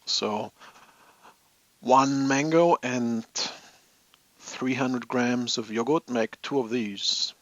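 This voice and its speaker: A man's voice: medium pitch, extremely slow, long pauses, no room sound, muffled recording. A man hosting a live hobby stream from his home office, chatting casually with viewers in a rambling, amused way. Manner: rambling, chatty, laughs at his own stories.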